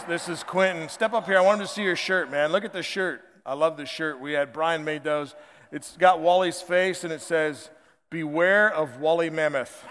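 Pastor, fifties, American accent; pitched high, casual folksy sermon delivery, hall reverb. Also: male voice, fairly bright tone. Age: 50s. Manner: conversational, chatty and folksy. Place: church sanctuary.

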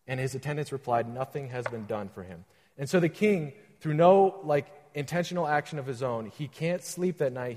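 A man's voice: medium pitch, a little mellow. A man reading scripture aloud and explaining it casually as a sermon, with restarts and everyday comparisons. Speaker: preacher. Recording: long hall reverb.

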